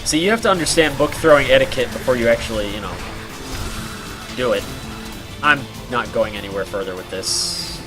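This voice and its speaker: A man's voice: mid-range voice, a little fast, over music. A man streaming a game while telling a rambling story, full of fillers and laughs.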